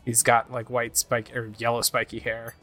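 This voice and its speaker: A game streamer gives casual let's-play commentary, describing the on-screen action and sometimes reading game dialogue aloud in put-on voices. His medium-pitched voice is monotone and bright yet forceful, at a moderate pace, with soft music in the background.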